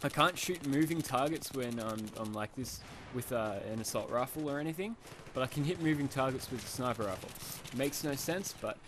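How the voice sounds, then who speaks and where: A man's voice: medium pitch, lively intonation, a little fast. Young Australian man, slight lisp, sniffly, self-deprecating rambling gamer commentary, faint background noise. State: sniffly from hay fever. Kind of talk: casual gameplay commentary.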